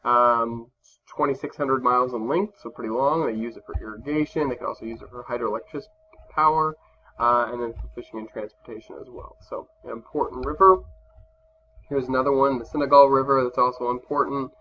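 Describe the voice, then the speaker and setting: A man's voice: mid-range voice, fairly even intonation, fairly quick. A male teacher giving a recorded classroom lesson over slides, talking casually with many fillers and restarts. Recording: slightly dull lo-fi recording with faint background hum.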